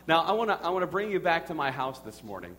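Animated young pastor preaching in a hall. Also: male voice, fairly high pitch, quick pace. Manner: animated, addresses the congregation directly; storytelling with audience prompts. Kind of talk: sermon. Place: church sanctuary with congregation. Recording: reverberant hall with faint hum.

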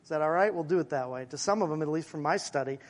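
This male pastor's voice is a little high. He preaches in a conversational manner, speaking aside to the congregation now and then and slowing his delivery to stress key phrases.

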